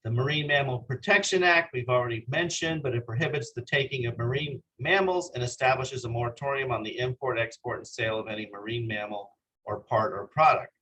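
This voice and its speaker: A man's voice: mid-range voice, fairly quick, pushed and bright, poor audio. A man giving an earnest slide lecture for a legal education course, often hesitating and calling for the next slide. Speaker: continuing legal education presenter.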